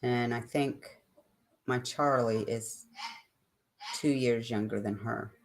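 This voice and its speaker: A woman's voice: very deep voice, fairly even intonation, takes it slowly. An older woman hosting a live stream, chatting casually and ramblingly with her viewers and answering their comments.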